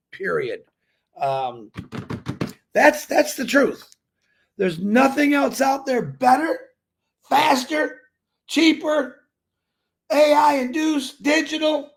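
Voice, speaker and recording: A man's voice: sits high, creaky, breathy edge. A man hosting a daily live stream, greeting viewers by name and chatting in an upbeat, rambling way.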